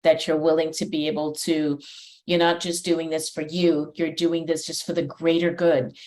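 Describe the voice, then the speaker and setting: A woman hosting a podcast interview, talking in an effusive, emotional way with many restarts. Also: on the low side. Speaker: podcast host. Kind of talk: casual interview chat.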